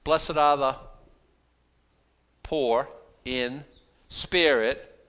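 A man preaching an expository sermon, animated, with frequent restarts and acted-out pleas. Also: medium pitch, extremely slow, clear, resonant tone. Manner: animated, dramatizes pleas in voiced asides; frequent restarts and repeated words. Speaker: pastor.

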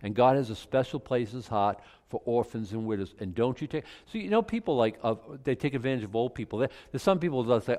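A middle-aged male pastor preaching in a conversational way, breaking into loud emphatic outbursts. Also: medium pitch, lively intonation, fast, hardly any pauses. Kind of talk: sermon.

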